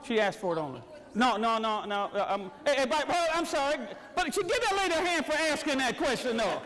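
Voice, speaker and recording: High-pitched exhorting male motivational speaker. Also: expressive, brisk, bright, forceful tone, big-room sound. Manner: exhorting, repetitive, urging the crowd on. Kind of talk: energetic workshop talk to a live audience. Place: large meeting room with audience at tables.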